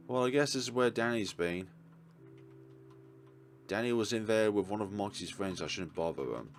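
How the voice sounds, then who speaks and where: A man's voice: on the low side, animated, normal speed, pauses often, slight background noise. A man hosting a let's play, reading game text aloud and commenting casually.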